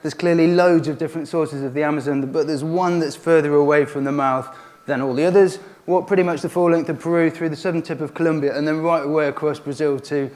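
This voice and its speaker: Male guest speaker, humorous, relaxed anecdotes, a touch high in pitch. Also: fast. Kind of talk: inspirational talk.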